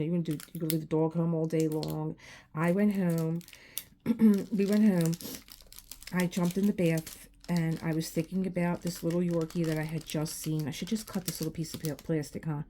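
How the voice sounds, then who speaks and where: A tired, low-energy woman chatting casually while doing a craft, rambling with many restarts and growing teary as she tells personal stories. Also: dark tone, a little hiss or hum. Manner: rambling, restarts often, emotional storytelling. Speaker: crafting channel host. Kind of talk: casual chat while diamond painting. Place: home room.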